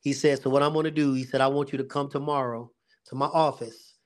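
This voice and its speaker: A man's voice: medium pitch, fairly even intonation, fast talker. A middle-aged man, a security company owner, earnestly telling a faith-filled story of his struggles on a casual podcast, acting out the people in it.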